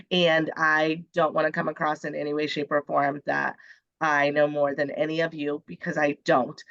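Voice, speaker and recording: A woman's voice: deep voice, fairly bright tone, dry recording. Woman in her forties, congested with flu, chatty teacher presenting over a dry, slightly dull computer mic. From Indiana, US. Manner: candid, chatty, many ums. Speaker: junior high math teacher presenting to teachers. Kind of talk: webinar presentation. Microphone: computer mic on a video call.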